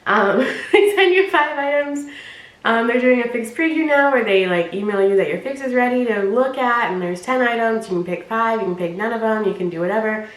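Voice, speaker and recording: A woman's voice: a little high, fairly quick, reverberant, rough recording. A woman vlogger chatting through an unboxing in a bubbly, giggly, rambling way, her voice stuffy and nasal from allergies. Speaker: vlogger reviewing a clothing box.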